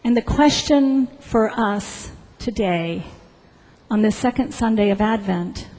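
A woman pastor preaching a sermon in a church sanctuary, telling a story slowly with deliberate pauses. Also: mid-range voice, darkish tone. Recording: long church reverb.

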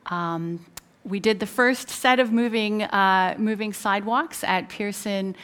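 A middle-aged woman preaching, telling a personal story in a lively, emphatic way, with frequent ums and uhs. Her voice sits in an ordinary middle pitch. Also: a little slow, smooth. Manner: storytelling with many fillers, emphatic retelling.

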